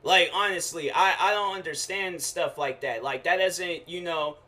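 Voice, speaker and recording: Young man, bright forceful voice, fairly high pitch, casual slangy rant, show host. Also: normal speed. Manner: casual slangy rant, animated quoted asides.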